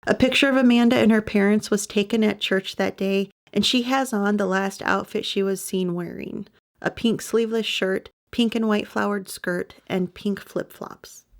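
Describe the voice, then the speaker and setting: A woman reads true-crime narration in her own podcast, pausing for sympathetic asides. Her voice carries steady vocal fry and sits in a middle range. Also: medium pitch. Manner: adds sympathetic personal asides. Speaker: podcast host.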